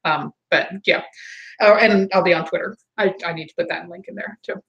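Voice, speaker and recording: A woman hosting a casual livestream, chatting and answering chat comments, sometimes mimicking others in high exaggerated voices. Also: a little fast, vocal fry, a bit bright, dull audio. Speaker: livestream host.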